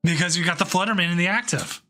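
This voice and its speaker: A man hosting and commentating a card game tournament stream, relaxed and joking, with loose filler words. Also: sits high, quick pace, soft background music. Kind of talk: casual live game commentary.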